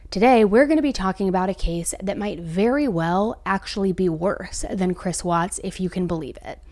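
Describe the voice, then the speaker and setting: A woman's voice: mid-range voice, normal speed, a little mellow. A woman hosting a true crime show, telling the case in a casual, chatty way with asides to her viewers. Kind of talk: true crime storytelling to camera.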